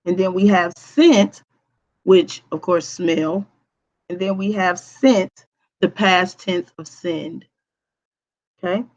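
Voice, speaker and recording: A woman's voice: on the low side, fairly even intonation, slow pace, long pauses, darkish tone, lo-fi sound. A woman teacher walking students through a recorded grammar lesson, patiently checking understanding with frequent okays. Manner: hums to herself while typing on screen.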